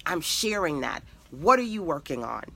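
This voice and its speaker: A woman in middle age who coaches women entrepreneurs, talking with bright, forceful energy. She drives her points home in emphatic repeated lists and speaks like a preacher on a live stream. Her voice stays firm and direct. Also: low-pitched, sing-song, moderate pace, vocal fry, husky. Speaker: web designer and mentor to women entrepreneurs. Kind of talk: motivational live-stream talk.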